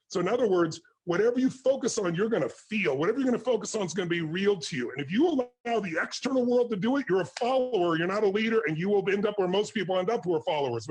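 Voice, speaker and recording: Husky high-voiced man, intense. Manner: forceful, passionate, emphatic. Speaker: motivational speaker. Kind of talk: intense motivational talk to an interviewer and audience.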